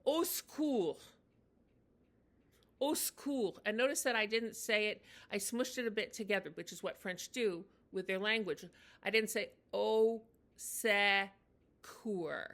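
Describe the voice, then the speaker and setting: A woman teaching in a chatty, unscripted way, with many fillers and restarts, slowing down to model phrases. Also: medium pitch, steady tone, fairly bright tone. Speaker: language teacher. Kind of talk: casual spoken lesson.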